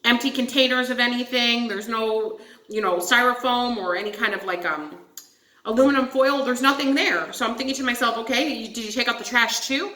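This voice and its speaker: A woman's voice: on the high side, fairly quick, bright, forceful tone. A young woman hosting a casual storytime vlog, talking animatedly, swearing and calling her viewers guys. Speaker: channel host telling a story. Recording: echoey room.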